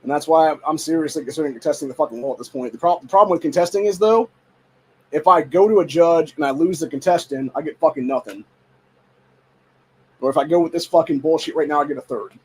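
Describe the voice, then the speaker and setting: Profane ranting man with a husky voice. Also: fairly high pitch, fast talker, a little mellow, rough recording. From Ohio, USA. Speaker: podcast host. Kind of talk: casual venting monologue.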